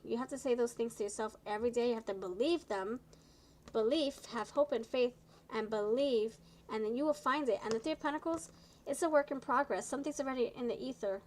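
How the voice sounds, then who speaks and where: A woman doing a live tarot reading, chatty and encouraging, tired and low on energy, stumbling over her words now and then. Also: brisk, slight background noise, poor audio. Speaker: tarot reader.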